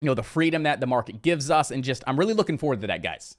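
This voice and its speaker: A man from Indiana hosting a casual live trading stream, chatty and energetic, talking straight to his viewers. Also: medium pitch, fast.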